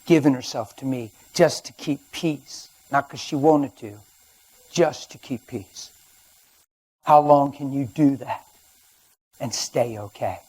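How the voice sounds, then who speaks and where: A man preaches a sermon in a husky voice. He tells a personal story and moves between quiet, hushed stretches and loud, emphatic ones. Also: medium pitch, slow, poor audio. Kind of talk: sermon testimony. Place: church or studio.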